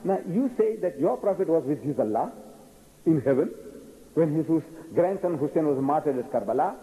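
A man's voice: fairly high pitch, animated, moderate pace, mellow, big-room sound, close to an everyday voice, poor audio. A man voicing a male Christian missionary who presses his opponent with demanding questions in a debate. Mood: pressing, mocking.

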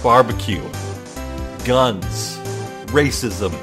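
Give me a chatty let's-player making jokey asides, with loud game music behind. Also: mid-range voice, very slow. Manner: chatty, self-deprecating asides. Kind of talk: casual game commentary and voice acting. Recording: game music playing under the voice.

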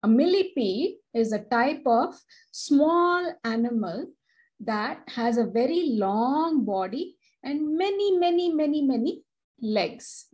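A woman with an Indian English accent reads a picture book aloud to children. Her voice is high and her pace is unhurried, and she stops to explain each page gently. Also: animated, dull audio. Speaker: storyteller.

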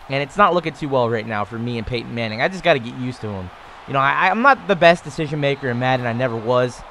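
A man in his twenties casually commentating on his own football video game, getting louder and higher on big plays. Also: a little hiss or hum. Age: 20s. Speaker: gaming YouTuber.

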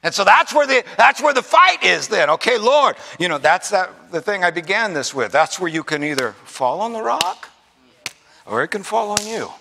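A man's voice: sits high, sing-song, moderate pace, gravelly, bright, forceful tone, in a large hall. A middle-aged man preaching a sermon, using repetition, humorous asides and rising fervor. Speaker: pastor. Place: large church sanctuary.

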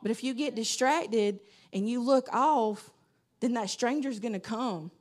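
A woman's voice: a little high, unhurried. A woman giving an informal, earnest church testimony, rambling and quoting her own prayers while holding back tears.

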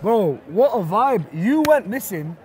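An energetic man hosting street interviews after a match, slangy and teasing. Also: high voice, unhurried, a little hiss or hum. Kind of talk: vox pop interviewing and banter. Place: outdoors near a stadium.

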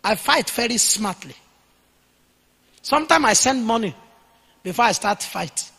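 A pastor preaches a sermon in a high, husky voice that echoes through a large church hall with long reverb. Animated, bright, and forceful, he slows down to dictate key points word by word so listeners can write them down.

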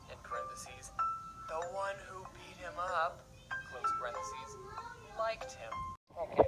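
Man, comedic story reading, wry asides, mock-dramatic quotes, lively swinging pitch, mid-pitched voice, loud music underneath. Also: rough recording. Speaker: youtuber reading his childhood story.

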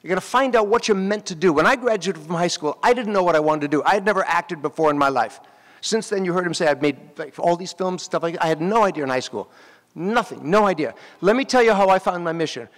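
A man, an actor, giving a graduation speech and telling animated stories straight to the graduates at the ceremony. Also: high-pitched, fast talker. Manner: animated storytelling, addressing graduates directly. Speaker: commencement speaker. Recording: long hall reverb.

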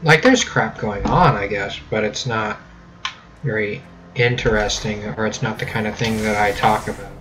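Rough recording quality frames this gameplay host's fairly low voice, delivered at normal speed. He's a young man from the United States offering relaxed let's-play commentary, rambling and joking with mock-British catchphrases while a faint hum sits in the background.

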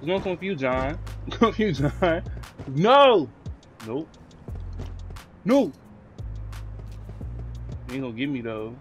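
A man giving excitable, trash-talking commentary while playing a wrestling video game, yelling at his opponents. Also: medium pitch, moderate pace, faint music behind. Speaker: gaming YouTuber. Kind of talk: let's-play commentary.

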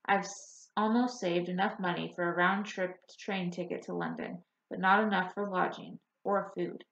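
In an audiobook, a woman voices an earnest young woman who longs to be an inventor, sounding eager, pleading and restless, an anxious dreamer. Her voice is fairly low, gravelly and fairly bright, with a steady tone and moderate pace. The recording is roomy and slightly dull.

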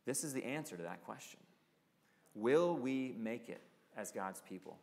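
A man preaching a sermon as pastor, earnest and questioning, who often drops to a hushed voice. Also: mid-range voice. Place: church sanctuary. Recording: long reverb of a church sanctuary.

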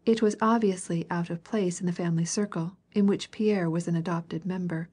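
A woman reads a classic novel aloud in steady, measured narration. Her voice is mellow and warm, with a soft, breathy huskiness. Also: lowish voice. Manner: even, measured storytelling. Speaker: audiobook reader.

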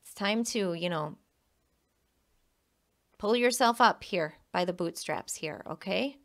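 Woman doing a tarot reading, keeps repeating herself, says okay a lot, mid pitch. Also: slow, fairly bright tone. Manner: emphatic, repeats phrases, frequent "okay?". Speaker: tarot reader. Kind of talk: casual tarot reading monologue.

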